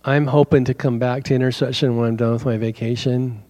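A pastor preaches a sermon to his congregation in a medium-pitched voice, animated and conversational, slipping in quick asides and chuckles between points.

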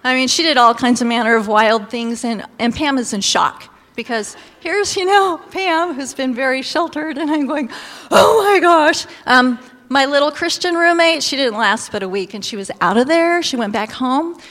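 A woman giving a sermon, telling a lively personal story with exclamations and laughter, then reading scripture. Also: high-pitched, moderate pace, hardly any pauses. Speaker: pastor's wife or preacher. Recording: long hall reverb.

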